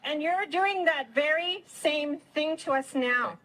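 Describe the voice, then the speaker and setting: A woman's voice: high voice, slow, fairly bright tone, low-quality recording. A woman from Canada speaking at a public forum, confronting a politician with an accusing, shaky voice.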